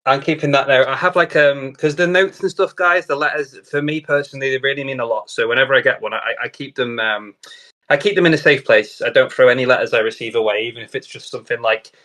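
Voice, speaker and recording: A man's voice: mid-range voice, fast, bright, forceful tone. A man hosting a casual live stream, earnestly chatting to viewers as he opens a gift. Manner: earnest, chatty, talks to viewers while unboxing. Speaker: show host. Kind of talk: casual livestream chat. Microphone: camera on a tripod.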